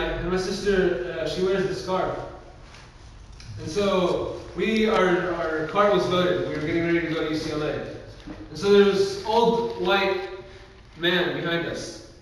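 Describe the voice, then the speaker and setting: A man's voice: high voice, a little hiss or hum. A young man giving a casual religious talk, telling stories and acting out the people in them, with lots of filler words. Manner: casual, filler-heavy, acts out quoted voices. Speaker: youth speaker. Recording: echoey hall recorded from far off.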